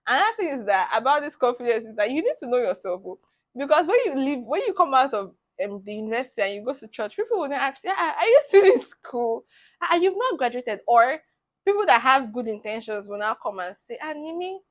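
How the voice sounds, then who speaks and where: Laughing often, a twenty-something Nigerian medical student shares animated, bubbly advice on her casual vlog. She speaks quickly in a fairly high voice.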